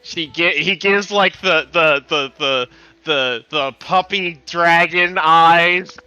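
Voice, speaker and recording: A man playing a tabletop role-playing game, describing his character's actions in halting, restarting speech. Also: fairly high pitch, bright, forceful tone, smooth, no room sound, faint music behind, poor audio. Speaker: player. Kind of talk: casual play chat.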